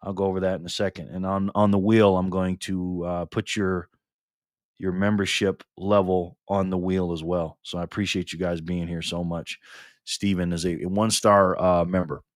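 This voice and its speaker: A man's voice: deep voice, flat delivery, moderate pace, no room sound, clean studio sound. A man hosting a casual live stream, greeting viewers by name and reading chat aloud in a friendly, chatty way while recovering from illness.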